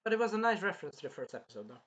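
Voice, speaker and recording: A man reviewing an anime episode in casual chat, animated and swearing, acting out lines from the show as he goes. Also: sits high, very fast. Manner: animated, swearing, retells scenes in put-on voices.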